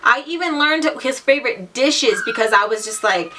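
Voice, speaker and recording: A woman's voice: fairly high pitch, lively intonation, moderate pace, sharp tone, far from the mic, slight background noise. A young woman telling her own story in a casual vlog, talking bluntly with lots of fillers and swearing. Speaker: vlogger.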